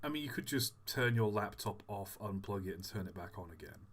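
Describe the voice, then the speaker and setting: A man's voice: lowish voice, animated, brisk, a bit bright. A man hosting a livestream, reading chat and teasing his co-host with dry humor. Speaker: streamer host.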